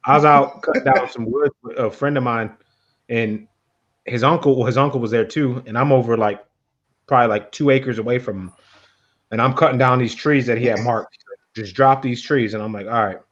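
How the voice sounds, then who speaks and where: A man who grew up near Detroit, chatting loosely on a podcast and laughing through his own stories. He swears easily and keeps the tone relaxed. The recording sounds a bit dull and lo-fi. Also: medium pitch, fairly quick. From Detroit area. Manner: storytelling, laughs often, swears freely. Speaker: podcast host. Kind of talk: casual chat.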